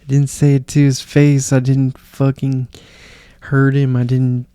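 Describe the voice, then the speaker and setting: A man's voice: mid-range voice, completely flat delivery, unhurried, dark tone, clear, resonant tone, dry recording. A man hosting a casual solo podcast, rambling and swearing in an offhand way. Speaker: podcast host.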